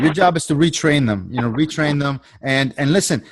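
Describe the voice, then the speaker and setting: A man's voice: fairly high pitch, a little fast, hardly any pauses. A middle-aged man hosting a sales coaching call, talking energetically and acting out both sides of sales conversations. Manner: energetic, repeats himself, acts out both sides of calls. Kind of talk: casual coaching talk with role-played sales dialogue.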